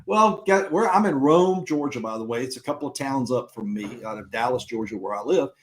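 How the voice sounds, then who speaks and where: A middle-aged man at a mid-range pitch, spinning a personal story on a podcast. He talks casually and chattily, acting out what each person in the story says. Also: lively intonation, brisk. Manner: chatty anecdote-teller who acts out dialogue. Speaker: podcast co-host.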